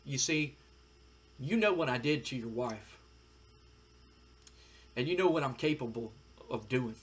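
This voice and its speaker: A man's voice: medium pitch, lively intonation, a little slow, natural voice. A man doing a drawling, menacing wrestler. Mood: threatening. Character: menacing male wrestler making threats.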